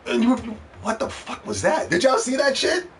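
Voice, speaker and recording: In vlog commentary about video games, a gaming commentator rants in a heated, profane, mocking way. His voice is very high and very animated, delivered at a moderate pace. The recording comes from a distant mic with faint background noise.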